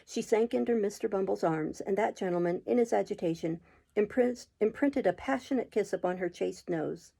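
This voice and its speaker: Woman with a husky, gravelly reading voice. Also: medium pitch, warm tone. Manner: measured storytelling with occasional slips and restarts. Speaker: audiobook reader. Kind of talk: reading a classic novel aloud.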